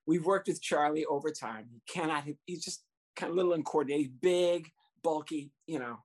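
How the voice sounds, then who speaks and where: A man telling a comic anecdote from his years as a youth baseball coach. He speaks in an animated way, breaks into laughter and acts out the voices of the people in his story. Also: a little high, normal speed, slightly rough.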